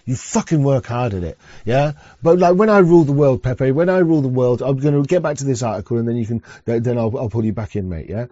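Talking fast with few pauses, this man has a mellow mid-range voice on a dull, dry lo-fi recording. He hosts a casual talk show, rambling profanely, frequently restarting his sentences, and occasionally reading text aloud.

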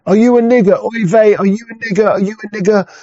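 A man's voice: high-pitched, fairly even intonation, fast talker, warm tone, dry recording, pitched above the performer's own voice, natural voice. A man voicing a fussy, nagging male boat smuggler who asks the same questions over and over, on dull muffled audio. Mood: insistent. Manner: raised, insistent, repetitive questions.

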